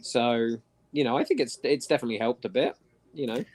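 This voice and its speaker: A man's voice: mid-range voice, a little fast, darkish tone. An Englishman with a standard newsreader accent, a broadcaster and guest, chatting casually and laughing easily. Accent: standard southern English, newsreader style. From England. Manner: self-deprecating, laughs easily. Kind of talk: casual chat.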